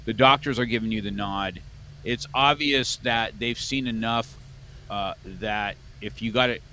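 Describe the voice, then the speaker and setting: Slow-talking male interviewer. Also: mid-range voice, bright, forceful tone, slight background noise. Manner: brief backchannels, laughs along, measured. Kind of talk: relaxed interview chat.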